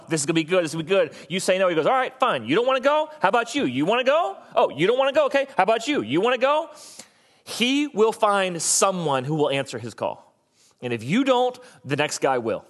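Conversational preacher, higher-pitched man. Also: fairly bright tone. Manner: conversational, asks the congregation questions, acts out quoted voices. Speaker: pastor. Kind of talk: sermon.

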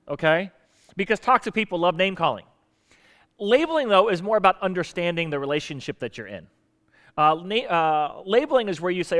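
A man's voice: high-pitched, fairly bright tone. A man preaching a conversational sermon, emphatic, with rhetorical questions and repetition.

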